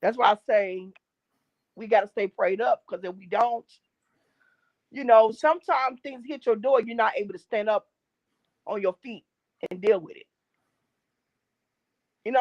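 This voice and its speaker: On a dull, dry lo-fi recording, a middle-aged woman with a medium-pitched, darkish voice gives her faith testimony as an interview guest. She is a gospel singer and drummer, and she speaks in an emphatic, preachy way, repeating her key phrases.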